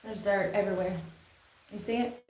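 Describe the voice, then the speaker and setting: A woman's voice: medium pitch, fairly even intonation, moderate pace, darkish tone. A woman from North Carolina with a Southern twang, rambling casually and bluntly to her stream viewers, swearing freely. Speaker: live streamer. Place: indoor room, rain outside. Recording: echoey room, faint noise.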